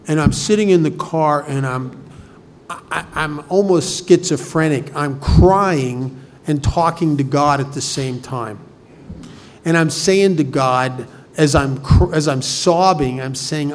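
A man's voice: a little high, slow, slight background noise. A middle-aged man giving a personal testimony to a recovery group, plainspoken and earnest, with frequent restarts. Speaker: recovery meeting speaker.

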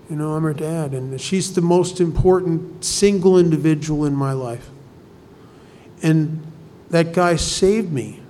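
A middle-aged man tells his own story to a recovery group in a plainspoken, earnest way, often restarting his sentences. His voice sits a little higher than most men's. A faint hum of room noise lies under the recording. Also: darkish tone. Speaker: recovery meeting speaker. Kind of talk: personal testimony to a group.

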